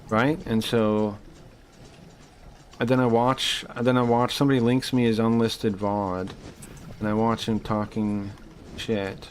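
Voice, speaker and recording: A man's voice: medium pitch, fairly even intonation, normal speed, slight background noise. A man streaming live, ranting heatedly and swearing as he rambles and restarts his sentences while playing a game.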